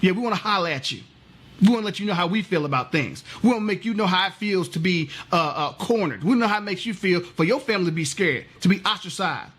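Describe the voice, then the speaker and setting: Heated husky man ranting. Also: high voice, expressive, fast talker, fairly bright tone. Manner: heated, profane, rhetorical questions. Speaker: vlogger. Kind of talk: impassioned political rant.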